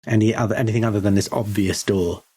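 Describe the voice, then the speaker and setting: A man playing a tabletop horror game, talking through his character's actions in a thoughtful, halting way. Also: on the low side, fairly even intonation, dark tone, breathy edge. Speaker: player. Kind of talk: casual tabletop game play.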